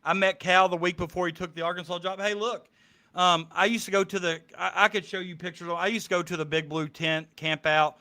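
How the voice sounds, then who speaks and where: A man's voice: high-pitched, steady tone, brisk, sharp tone. A man chatting casually on a streamed podcast, rambling with many ums. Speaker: podcast co-host. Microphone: streaming mic.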